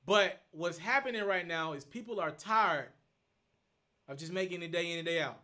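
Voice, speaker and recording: A man's voice: high-pitched, moderate pace, sharp tone. A man, hosting a live stream, thinking aloud as he answers viewer questions and repeating his points in an earnest, casual way. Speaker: host.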